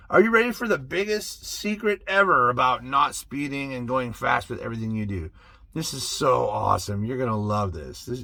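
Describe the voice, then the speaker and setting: A man's voice: mid-range voice, dry recording. A middle-aged man giving a casual motivational talk to camera, telling stories with acted-out quotes. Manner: animated storytelling with acted-out quotes. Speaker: motivational vlogger.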